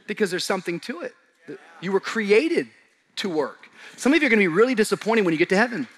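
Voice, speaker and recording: A young adult male pastor preaching a sermon in a church, swinging from shouted high points to quiet low passages, with humorous conversational asides to the congregation. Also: big pitch swings, quick pace. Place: church auditorium.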